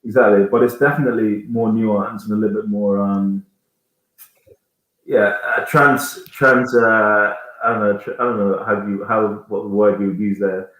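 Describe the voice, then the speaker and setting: Guest singer, man in his thirties from Jamaica, rambling chat, deep voice with heavy room echo. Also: fairly even intonation, normal speed, fairly bright tone. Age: 30s. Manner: rambling, searching for words, many restarts. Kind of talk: casual interview chat. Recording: very echoey room.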